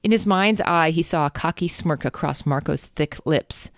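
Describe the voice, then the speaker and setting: A woman co-hosting, reading erotic fiction aloud in a deadpan way and breaking off with wry asides. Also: low voice, moderate pace, no echo, clean studio sound. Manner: deadpan narration broken by wry asides and laughter.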